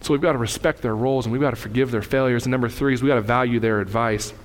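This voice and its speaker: A male pastor preaching a fervent sermon in a church, repeating his points and swinging between loud and soft. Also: medium pitch, steady tone, racing. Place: church sanctuary. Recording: echoey hall reverb.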